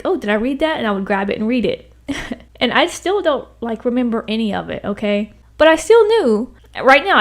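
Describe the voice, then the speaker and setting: A young woman chatting about a book in a rambling, tangent-filled way, often turning to the viewer with little asides. Her voice sits a little high and swings up and down expressively as she talks. She records from a small bedroom. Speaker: book channel host. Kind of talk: casual book talk to camera.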